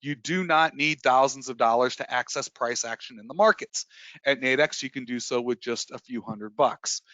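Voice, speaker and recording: A man presenting a live trading webinar in a bright, forceful voice, chatty and emphatic, with plenty of filler words and restarts. The sound is dry and a little dull, like a webinar mic. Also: mid-range voice, normal speed, no room sound.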